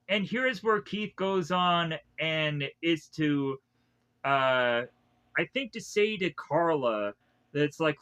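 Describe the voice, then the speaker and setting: Guy rambling thru an anime recap, kinda high bright voice, keeps doing the characters' lines. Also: smooth. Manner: rambling, loosely retells scenes with many restarts; acts out characters' lines in a quick, animated way. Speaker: anime reviewer. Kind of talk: casual episode recap.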